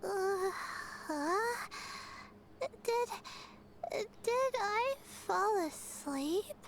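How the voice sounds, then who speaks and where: A woman's voice: extremely high pitch, lively intonation, very slow, a little hiss or hum, full character voice. A woman voicing a shy, sleepy young scholar in a video game, stammering and apologetic. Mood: drowsy.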